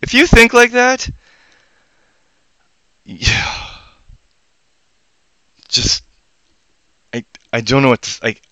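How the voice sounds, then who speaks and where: Live-stream host, male, sharp bright tone, furious profane ranting that dips into low muttering. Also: sing-song, extremely slow, pauses often, no echo, poor audio. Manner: angry, swearing heavily, swinging from loud outbursts to low mutters. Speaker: livestream host.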